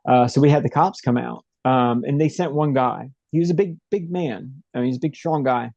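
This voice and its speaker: A man's voice: medium pitch, brisk, creaky, a little mellow, dry recording, muffled recording. A young man as an interview guest, telling a story in a rambling, casual way with many fillers and restarts.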